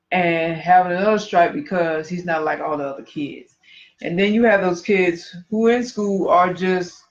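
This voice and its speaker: This is a man with a notably high voice, co-hosting a podcast. He talks earnestly, sometimes preachily, and stumbles over his words now and then. The audio is dull and lo-fi, like a muffled livestream. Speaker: podcast co-host. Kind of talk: casual chat.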